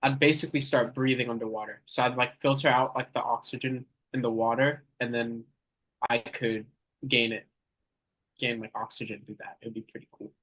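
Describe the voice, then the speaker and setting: A young man answering absurd questions in a mock interview, with a rambling, halting, mock-serious manner. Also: medium pitch, steady tone, fairly bright tone, rough recording.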